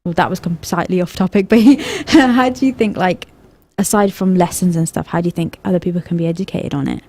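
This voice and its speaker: Young woman on a radio talk show, lowish mellow voice, kinda rambly, laughs a lot. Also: brisk. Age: young adult. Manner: rambling, hesitant, laughs often. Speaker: youth radio co-host. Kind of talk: casual radio discussion. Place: radio studio. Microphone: studio microphone.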